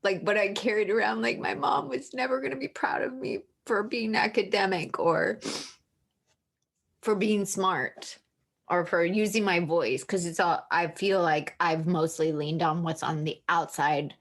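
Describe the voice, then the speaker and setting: A woman's voice: lowish voice, fairly even intonation, a little slow. A woman author speaking candidly as an interview guest, emotional and searching, often restarting her sentences.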